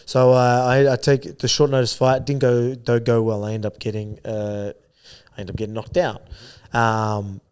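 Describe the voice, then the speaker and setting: A man's voice: mid-range voice, level tone, normal speed, a little mellow, clear, resonant tone. Rambling Australian man, easygoing chat. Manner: rambling, full of "you know what I mean". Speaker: guest athlete. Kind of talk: casual interview chat.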